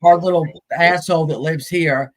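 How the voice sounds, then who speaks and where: A man's voice: on the high side, steady tone, normal speed, a bit bright. A man hosting a casual live stream, chatting and greeting viewers by name as he goes. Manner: chatty, greets viewers mid-sentence, laughs easily.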